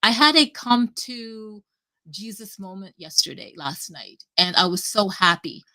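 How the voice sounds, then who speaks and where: A woman talking casually and at length on a live audio chat, rambling and animated, cutting herself off and swearing freely. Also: mid-range voice, measured pace. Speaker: guest speaker.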